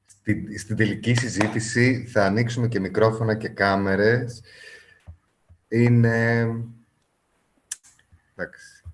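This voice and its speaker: Brisk man hosting a live stream. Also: fairly low pitch, fairly even intonation, slight background noise. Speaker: event host.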